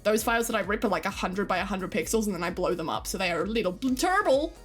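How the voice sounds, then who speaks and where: A woman's voice: mid-range voice, animated, fast talker, soft background music. An Australian woman streaming, chatting casually and giggling while she reads and answers her live chat. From Queensland, Australia.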